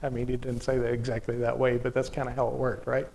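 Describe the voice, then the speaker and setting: A man's voice: medium pitch, completely flat delivery, quick pace, gravelly, darkish tone, slight background noise. A middle-aged man preaching a sermon in a folksy, conversational way, full of restarts and rhetorical questions.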